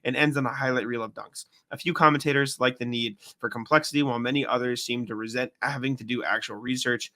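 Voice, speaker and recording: A man's voice: medium pitch, fairly even intonation, quick pace, hardly any pauses, bright, forceful tone. A young man co-hosting a podcast, reading listener email aloud with slips and self-corrections. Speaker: podcast co-host.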